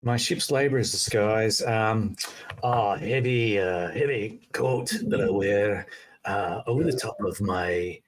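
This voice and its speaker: A man voicing a gruff male dwarf rebel in disguise, talking hesitantly with many fillers and calling others lad. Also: fairly low pitch, slow. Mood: sly.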